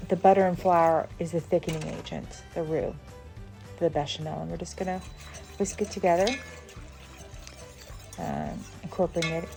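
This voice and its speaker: A woman from the Southern United States hosting a cooking channel, chatting casually through a recipe with fillers and small laughs. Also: lowish voice. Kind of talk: casual cooking demonstration voice-over.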